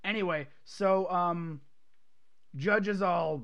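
A man's voice: a little high, a little fast, fairly bright tone, muffled recording. A man co-hosting a podcast, chatting casually and sarcastically about a film, recorded close on a mic. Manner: sarcastic, riffing, acts out film lines. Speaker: podcast co-host. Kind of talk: casual movie-review chat.

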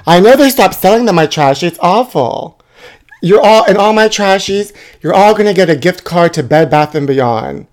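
A man's voice: high-pitched, animated, moderate pace. A man hosting a podcast, delivering a campy comedic monologue and calling his listeners "my trashy". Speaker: podcast host.

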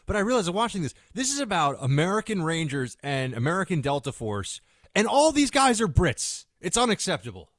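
A man's voice: high-pitched, sing-song, fairly quick, a bit bright, no room sound, clean studio sound. A man hosting a political radio talk show, joking and mock-indignant in casual chat.

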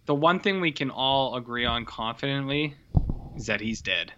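A man co-hosting a casual film podcast, talking in a relaxed way with many fillers. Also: medium pitch, moderate pace, background noise. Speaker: podcast co-host. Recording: dull lo-fi sound.

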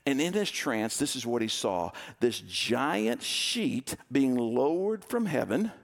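A man preaching a sermon as a pastor, retelling a Bible story in a lively way and acting out its characters' voices. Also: mid-range voice, slow pace, gravelly. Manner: animated, acts out voices of the story's people.

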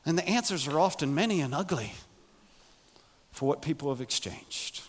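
A middle-aged man preaching a sermon, emphatic, moving between loud raised passages and quiet low asides. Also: expressive, normal speed. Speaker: pastor.

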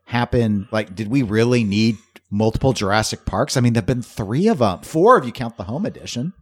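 A man's voice: fairly low pitch, expressive, a little fast, breathy edge, dry recording. A man co-hosting a podcast in casual chat, rambling through fillers with wry jokes. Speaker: podcast co-host.

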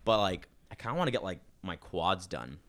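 A young man with a fairly low voice hosts a podcast and chats casually. He wanders through his stories in a loose, easygoing way, leaning on lots of fillers and restarts. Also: sing-song, brisk, a bit bright. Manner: rambling, filler-heavy storytelling. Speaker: podcast host. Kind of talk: casual chat.

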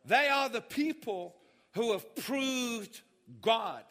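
A man preaching a sermon, telling a funny story and acting out the panic of others in shouts. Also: very high voice, animated, takes it slowly. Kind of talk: sermon with humorous anecdote. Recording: hall reverb.

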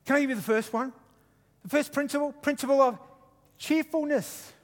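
Brief: male preacher from Queensland, very high voice, lively and teasing with the crowd, long hall reverb. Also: normal speed. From Queensland, Australia. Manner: animated, jokey asides to the congregation. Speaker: guest preacher. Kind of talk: sermon. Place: church hall.

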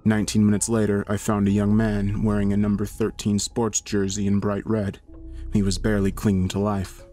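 Low-voiced male horror narrator. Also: completely flat delivery, moderate pace, dark tone, faint music behind. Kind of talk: scripted horror story narration.

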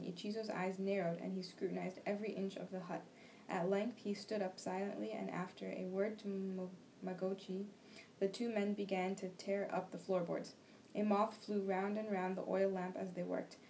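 A young woman reading a novel aloud for a class discussion, steady and plain, with small slips and restarts. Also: mid-range voice, creaky, rough recording. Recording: faint background noise.

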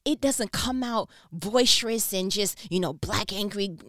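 A woman's voice: medium pitch, measured pace, fairly bright tone, no echo, clean studio sound. A woman from New York telling a casual, emphatic story, acting out other people's voices and laughing between lines. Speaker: storyteller recounting a work conflict.

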